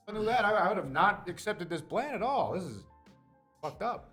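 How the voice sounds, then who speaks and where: A man's voice: a little high, big pitch swings, fairly quick, a bit bright, soft background music. A man playing a tabletop game, casual and swearing, trailing off when unsure. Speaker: player.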